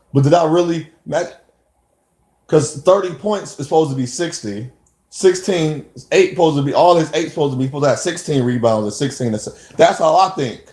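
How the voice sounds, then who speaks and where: A man's voice: fairly high pitch, lively intonation, moderate pace. A man vlogging in a casual, rambling monologue, acting out quoted back-and-forth exchanges in his own voice. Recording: echoey room.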